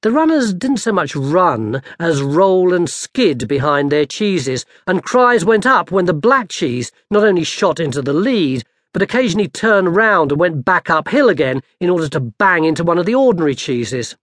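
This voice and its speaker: A man narrating an audiobook in a lively, dry storytelling manner. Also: a little high, normal speed, hardly any pauses, no room sound. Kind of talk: scripted narration.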